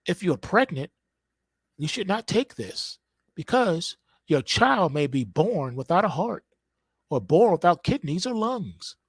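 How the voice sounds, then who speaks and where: A man voicing a calm, grandmotherly drug-ad narrator with a soft, even, reassuring read. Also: high-pitched, measured pace, slightly rough, no echo, clean studio sound, heavily acted.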